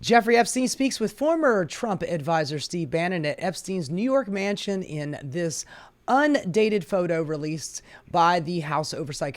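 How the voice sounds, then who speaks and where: Sarcastic profane woman ranting. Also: fairly low pitch. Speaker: political commentary host. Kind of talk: ranting commentary.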